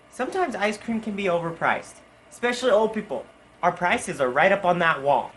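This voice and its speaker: A man's voice: high-pitched, animated, normal speed, fairly bright tone, a little hiss or hum. A hyper young man animatedly telling a story in his vlog, jumping between voices and asides. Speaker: vlogger.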